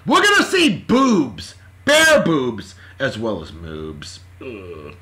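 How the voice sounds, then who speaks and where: A boisterous man hosting a casual vlog, giving shout-outs in rowdy slang and swinging between yelling and muttering. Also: mid-range voice, big pitch swings, takes it slowly.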